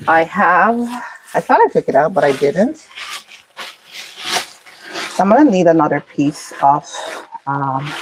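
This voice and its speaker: A woman hosting a casual home cooking vlog, explaining each step in an unhurried way as she cooks in her kitchen. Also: low-pitched, darkish tone, slight background noise, rough recording. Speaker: cooking channel host.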